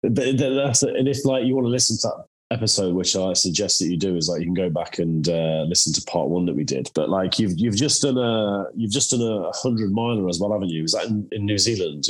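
Deep english bloke hosting a podcast, laid back, swears a lot, loads of uhs. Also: male voice, a little fast, husky. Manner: relaxed, swearing, many fillers. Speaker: podcast host. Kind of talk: casual podcast chat.

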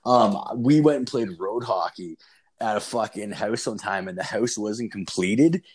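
Rambling, foul-mouthed young man with a low voice. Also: a little slow, husky. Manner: rambling, swears constantly, laughs while telling stories. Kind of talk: casual chat.

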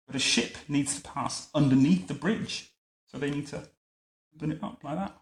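A man's voice: a little high, normal speed, reverberant, lightly acted. A man doing a polite, firm bridge keeper. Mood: apologetic.

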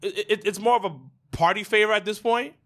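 A man co-hosting a casual podcast, talking in quick, animated bursts with laughter. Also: sits high. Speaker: podcast co-host.

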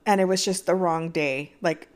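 A woman's voice: lowish voice, steady tone, normal speed. A young adult woman co-hosting a podcast, venting candidly in casual chat and laughing easily. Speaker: podcast co-host.

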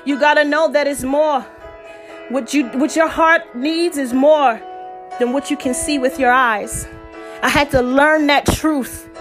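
A woman leading worship, moving between an impassioned spoken exhortation and singing. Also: high voice. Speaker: worship leader. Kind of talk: spoken exhortation and sung worship over music.

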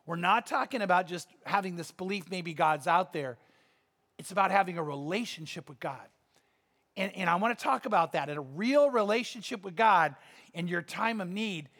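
High-voiced earnest preacher man. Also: fairly bright tone. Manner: earnest, conversational, emphatic repetition. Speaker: pastor. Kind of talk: sermon.

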